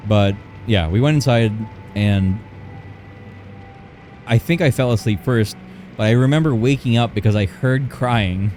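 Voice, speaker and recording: A man's voice: medium pitch, unhurried, a little mellow, a little hiss or hum. Young man rambling through a story. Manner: rambling, restarts and corrects himself. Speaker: livestreamer. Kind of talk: casual storytelling.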